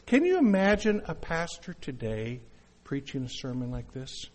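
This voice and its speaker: A man's voice: mid-range voice, wildly swooping pitch, normal speed. A male pastor preaching a sermon in a conversational way, with asides and questions to the congregation.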